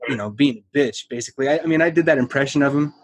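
A man hosting a podcast, easygoing and quick to laugh in casual chat. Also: medium pitch, slightly rough. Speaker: podcast host.

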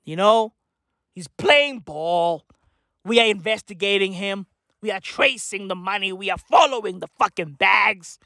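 A woman's voice: medium pitch, lively intonation, a little slow, bright, forceful tone, no room sound, clean studio sound, pitched below the performer's own voice. A woman putting on a dismissive male head of state who swears offhandedly. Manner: profane, offhand.

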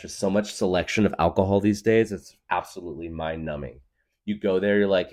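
A man's voice: low-pitched, a little fast, a little mellow. A young man hosting a podcast, rambling through a loose, jokey comedic monologue and laughing often. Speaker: podcast host.

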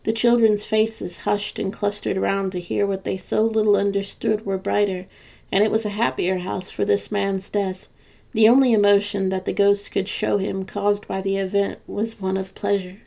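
Woman narrator, storybook reading, gentle and measured, vocal fry. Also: mid-range voice, little pitch movement. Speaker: podcast narrator. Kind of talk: storybook reading of a classic tale.

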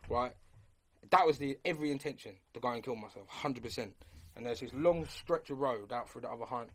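Bloke chatting on a podcast, rambles a lot, keeps saying mate, ordinary mid voice. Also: male voice, medium pitch, brisk, fairly bright tone. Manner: rambling, repeats himself, calls listener mate. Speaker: guest. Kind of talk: casual podcast conversation.

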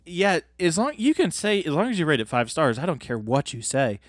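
A man's voice: fairly high pitch, big pitch swings, brisk, no echo, clean studio sound. A man co-hosting a comedy podcast, recapping an episode in a loose, joking way with plenty of fillers. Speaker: podcast co-host. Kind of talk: casual comedic chat.

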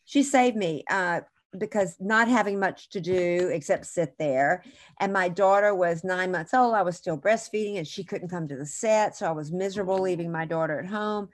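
A middle-aged woman guest in an interview, telling chatty, animated anecdotes with frequent restarts. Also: lowish voice, normal speed. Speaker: actress guest. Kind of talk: casual interview storytelling.

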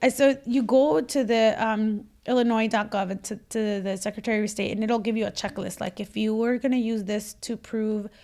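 Animated woman host, slightly high voice, casual anecdote-style delivery. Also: brisk, hardly any pauses. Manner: animated, laughing, acts out quotes. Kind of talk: casual storytelling chat.

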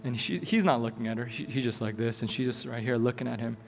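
A man preaching a sermon as a pastor, telling a story in a relaxed, joking way. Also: medium pitch, quick pace, gravelly. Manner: conversational, joking asides. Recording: long hall reverb, soft music.

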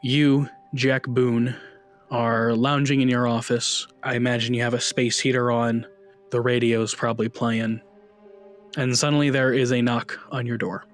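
A man running a tabletop horror game as game master, narrating scenes in a relaxed way with frequent ums and uhs. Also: mid-range voice, unhurried, soft background music.

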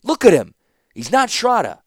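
A man voicing a shaken young man who bursts out loudly and insistently in an audiobook. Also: mid-range voice, lively intonation, normal speed, no echo, studio quality, pitched above the performer's own voice, close to an everyday voice. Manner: loud, insistent outbursts. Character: shaken young man, frantic and half-mad with shock. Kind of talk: audiobook character voice.

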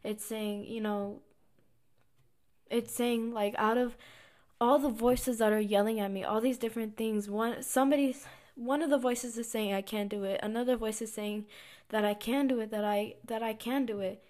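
A woman's voice: a little high, steady tone, moderate pace, darkish tone. A woman talking casually and earnestly about her faith, repeating phrases for emphasis. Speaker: vlogger sharing a faith reflection. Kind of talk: casual devotional talk.

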